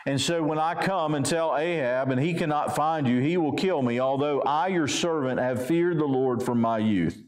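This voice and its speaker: A pastor with a Southern US accent reading scripture aloud and explaining it conversationally in a sermon. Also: male voice, fairly high pitch, moderate pace, hardly any pauses. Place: church sanctuary. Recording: roomy church echo.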